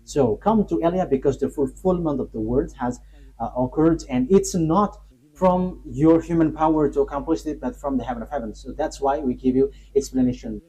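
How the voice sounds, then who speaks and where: A man preaching a sermon, emphatic and halting, rising sharply on key points between pauses and fillers. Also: fairly high pitch, dark tone, slightly rough, poor audio.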